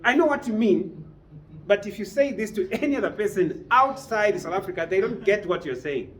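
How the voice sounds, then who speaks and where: A man's voice: sits high, expressive, moderate pace, fairly bright tone, a little hiss or hum. A man teaching a business writing class, lecturing and often putting questions to his students. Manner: quizzes the class with frequent questions. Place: training room with a class.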